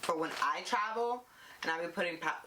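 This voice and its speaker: Speaking briskly at a fairly low pitch, a young woman unboxes beauty products at home. She's gushing and playful with her viewers, addressing them as "you guys," while steady background noise and clicks run underneath.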